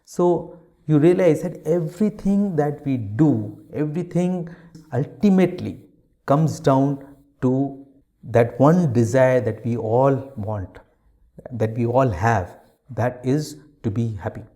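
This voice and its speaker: A man's voice: mid-range voice, expressive, slow, mellow. A man, a monk and spiritual teacher, giving a spiritual talk that he builds from rhetorical questions, each answered with a firm no, with frequent hesitant fillers and restarts.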